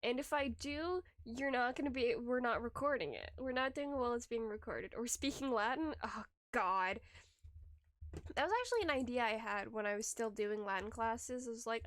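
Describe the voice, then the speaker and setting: A woman's voice: a little high, moderate pace, fairly bright tone, no room sound. A young adult woman livestreamer chatting casually with her viewers, rambling, laughing often and restarting her sentences, close to a desk microphone. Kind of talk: casual stream chat reading chat.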